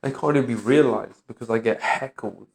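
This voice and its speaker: A man's voice: medium pitch, a little fast, creaky, a little mellow, slight background noise. A man talking bitterly in an agitated, profane vlog rant. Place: London street.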